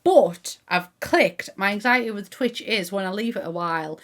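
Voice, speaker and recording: A woman's voice: mid-range voice, normal speed. A young woman from Middlesbrough with a Teesside accent, chatting casually to camera as a gaming YouTuber, rambling with restarts and local slang. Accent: Teesside English. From Middlesbrough, England.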